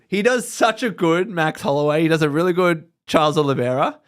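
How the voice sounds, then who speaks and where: A man chatting casually on a livestream. His pitch swings widely as he talks, and he laughs often and trails off mid-thought. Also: lively intonation, moderate pace, few pauses, clean tone. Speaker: podcast host. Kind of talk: casual live-stream chat.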